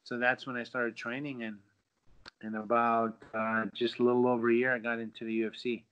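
A man's voice: medium pitch, flat delivery, brisk, clear, resonant tone. A middle-aged man, a guest on a podcast, telling a story casually and animatedly, acting out quotes with lots of fillers. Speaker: guest, former pro fighter. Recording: dull lo-fi sound.

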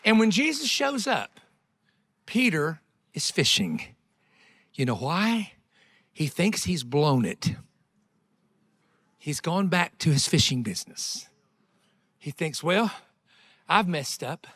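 A man's voice: fairly high pitch, big pitch swings, takes it slowly, long pauses. Fervent man preaching a revival sermon. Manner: fervent, emotional preaching with swings between loud and hushed; conversational asides with laughter.

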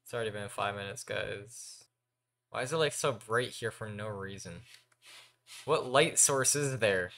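Narrating his own Minecraft let's play, this young YouTuber chats with himself and his audience, jumpy enough to yelp when startled. He speaks at a measured pace in a lowish voice with vocal fry and a slightly bright tone.

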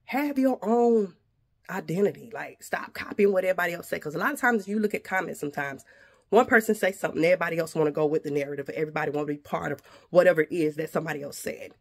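Woman, vlogger, slight lisp, gravelly fry, indignant venting to viewers. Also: fairly low pitch, fast talker. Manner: indignant, addresses viewers directly. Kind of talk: venting to camera.

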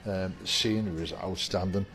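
A vape shop worker greets viewers and chats casually to camera from inside his shop, upbeat and rambling, with the door open and faint music playing. His voice is low-pitched and steady, a little fast, and there's background noise.

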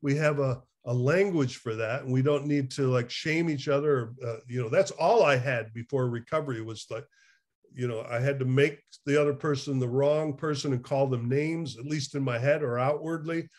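A man speaking as a recovery therapist in an interview, animated and chuckling as he talks, with hesitant restarts. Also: medium pitch, normal speed. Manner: animated, acts out quotes, chuckles often. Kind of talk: conversational interview.

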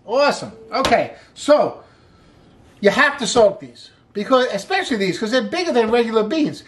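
A man's voice: very high voice, sing-song, normal speed, fairly bright tone, a little hiss or hum. A middle-aged man hosting a cooking show as a chef, chatty and upbeat, walking through a recipe step by step with frequent exclamations. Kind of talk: casual cooking demonstration.

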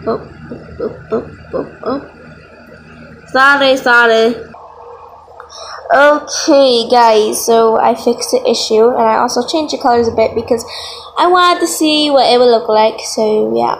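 A woman's voice: a little high, a little slow, a little hiss or hum. A young woman giving a rambling, giggly casual drawing tutorial, often laughing and interrupting herself. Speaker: vlogger. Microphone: phone.

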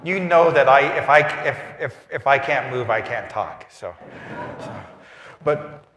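A man giving a lively homily, acting out voices and asides, in a large church. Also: mid-range voice, measured pace, a little hiss or hum. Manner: animated, acts out voices and asides. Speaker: priest. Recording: roomy church reverb.

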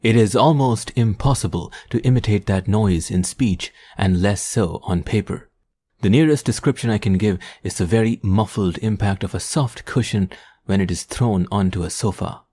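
A man narrating an adventure audiobook in a measured, descriptive storytelling manner. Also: fairly low pitch, warm tone, husky. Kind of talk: scripted narration.

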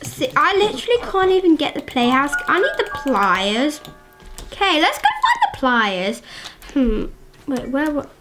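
A woman hosting a gaming channel, chatting excitably to viewers through gameplay commentary. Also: high-pitched, unhurried, over music.

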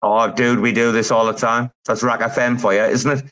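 A man's voice: medium pitch, flat delivery, a little fast, fairly bright tone, low-quality recording. A man hosting a casual late-night chat, rambling and swearing a lot. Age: 40s. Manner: crude, rambling, profane. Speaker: host. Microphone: phone.

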